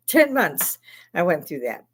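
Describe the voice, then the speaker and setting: Slow and breathy, with a lowish voice that swings widely in pitch, this Chicago woman is a middle-aged Army veteran running her own channel. She chats casually in a livestream rant, swearing freely and laughing between gripes.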